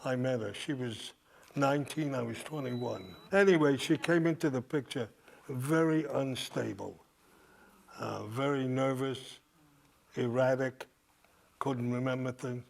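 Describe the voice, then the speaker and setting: A man's voice: mid-range voice, unhurried, vocal fry. An older man, a guest speaker, telling a rambling anecdote to a live audience in a cinema, laughing as he talks. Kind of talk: storytelling at a live audience event. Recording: audience crowd noise.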